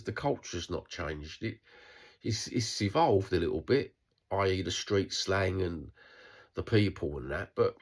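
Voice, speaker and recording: A middle-aged man with a broad Cockney accent talks straight to camera in a rambling, unscripted video diary. His voice sits very low and has a husky, rough grain. He swears freely and keeps restarting his sentences. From East London, England. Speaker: vlogger.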